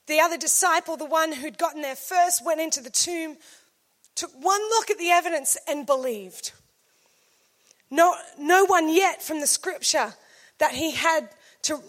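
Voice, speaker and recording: A woman preaching a sermon, swinging from loud emphasis to hushed scripture reading. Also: sits high, moderate pace.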